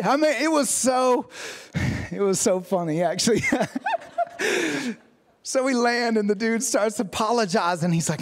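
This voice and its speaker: A man's voice: sits high, expressive, normal speed. A man preaching a sermon as a pastor, telling stories with humor and acting out the people in them. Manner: storytelling with humor and acted-out quotes.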